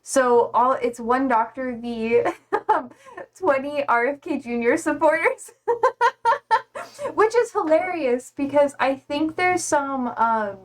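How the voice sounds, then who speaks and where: A woman's voice: high voice, expressive, slow pace. A woman streaming live, talking casually to her chat in a slightly raised voice. She rambles from thought to thought and laughs at her own shortcomings. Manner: rambling, laughing, self-deprecating.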